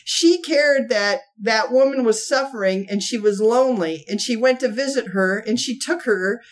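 A woman co-hosting a podcast, telling a story in a casual, animated way, laughing often and slipping into acted quotes. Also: fairly high pitch, moderate pace. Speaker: podcast co-host.

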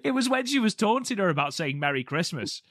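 A man's voice: sits high, sing-song, fairly quick, fairly bright tone, no room sound, clean studio sound. A man co-hosting a podcast, chatting casually and enthusiastically with frequent fillers. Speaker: podcast co-host.

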